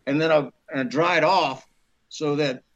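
Animated male storyteller, lo-fi sound. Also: fairly high pitch, measured pace. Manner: lively storyteller who acts out others' lines in raised voices; laughs through his stories. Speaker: actor telling stories as a podcast guest. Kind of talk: casual anecdote-telling. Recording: dull lo-fi sound.

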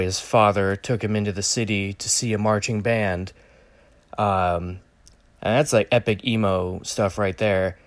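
A man with a slightly low voice talks through a trailer in casual solo commentary. He rambles, restarts often and keeps the tone jokey. The recording is close and dry. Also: no room sound. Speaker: vlogger reviewing a movie trailer.

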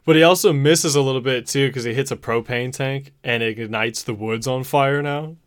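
Young man recapping a movie, crude and excited. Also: medium pitch, normal speed, smooth, no echo, studio quality. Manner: excitable, profane storytelling, says "dude" a lot. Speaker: podcast host. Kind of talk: casual movie recap chat.

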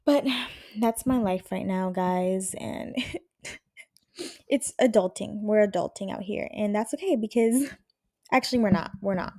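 Young female podcast host; chatty, blunt, profane rambling, warm low timbre. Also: unhurried, long pauses, dry recording, studio quality. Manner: rambling, frank and profane, animated. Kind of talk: casual chat.

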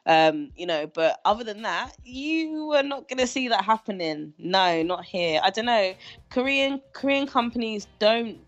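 A woman's voice: on the high side, a little slow, dull audio, faint music behind. A woman from Britain, talking emphatically in casual podcast chat. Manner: animated, emphatic, laughs often.

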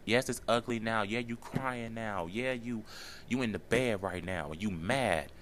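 Man, solo podcast talk, bright lowish voice, earnest and encouraging, faint room hum. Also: measured pace. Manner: earnest, encouraging, repeats himself for emphasis. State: tearful at times. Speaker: podcast host.

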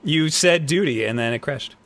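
A man from Long Island hosting a live gaming podcast, telling quick, chatty stories in casual talk. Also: a little high, lively intonation, a bit bright. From Long Island, New York. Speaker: podcast host. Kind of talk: casual chat.

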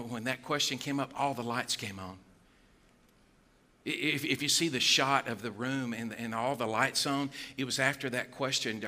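A male pastor preaching a sermon in an emphatic, animated way, acting out the voices of the people in his stories. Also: medium pitch.

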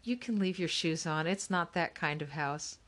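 A woman's voice: low voice, moderate pace, a bit bright. Frank, joking girl, voiced by a woman in a storybook. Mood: wry. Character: witty young girl.

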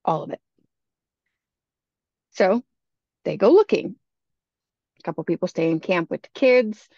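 A woman with a lowish, dark, slightly rough voice tells a creepy story as a podcast host, animated but a bit slow. She keeps it chatty and casual, dropping in lots of "you know" asides. The recording is dull, dry and lo-fi.

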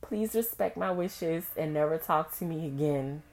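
A woman reading aloud a young man's breakup text in a flat, final tone. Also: low-pitched, a little slow. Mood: cold. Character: young man ending a relationship.

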